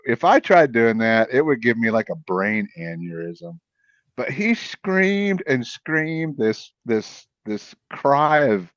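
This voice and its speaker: A man, a podcast guest, telling a field story in a rambling, animated way with many restarts. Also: medium pitch, no room sound. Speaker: podcast guest, cryptid investigator. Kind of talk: casual storytelling. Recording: dull, dry, lo-fi sound.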